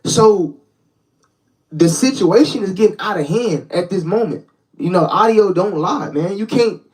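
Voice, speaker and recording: A man's voice: sits high, far from the mic, poor audio. A young man hosting a live reaction stream as a street preacher, talking in a slangy casual way, repeating words and addressing the chat directly. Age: young adult.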